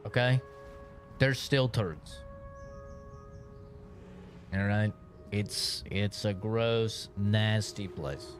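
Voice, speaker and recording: A man's voice: fairly low pitch, extremely slow, long pauses. A young man streaming a game, rambling in casual, profane commentary and laughing often. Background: game music.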